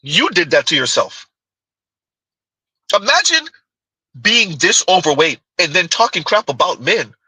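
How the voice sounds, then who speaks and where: A man hosts a casual stream, reacting to clips with a mocking, giggling delivery. His voice sits high and very bright, with a husky edge. The sound is dry and close. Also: expressive, moderate pace, few pauses, no room sound, low-quality recording.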